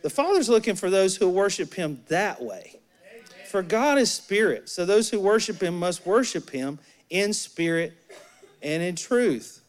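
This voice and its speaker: Pastor guy telling a bible story like he's chatting w friends, higher voice, jokes around. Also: big pitch swings, a little slow. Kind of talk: conversational sermon.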